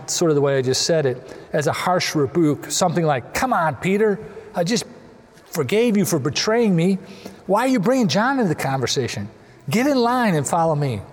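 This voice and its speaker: Earnest male preacher, slightly high voice, long cathedral echo. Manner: earnest, gently voicing quoted figures. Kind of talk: sermon. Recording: long reverb of a large hall.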